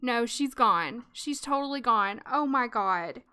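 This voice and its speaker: A woman with a high, bright voice narrates her life-simulation game play by play. She chats straight to her viewers and reacts to each turn with big, dramatic emotion. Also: animated, unhurried, hardly any pauses, clean tone. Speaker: let's play host. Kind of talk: casual gameplay commentary.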